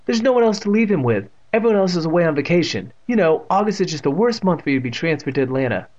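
A man's voice: on the high side, very animated, quick pace, darkish tone, dull audio, pitched above the performer's own voice. A man voicing a fretful middle-aged mother who argues her case. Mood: insistent.

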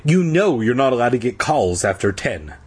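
A man voicing a stern, sleepy father scolding his son, in a sharp, scolding manner. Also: mid-range voice, very animated, moderate pace, husky.

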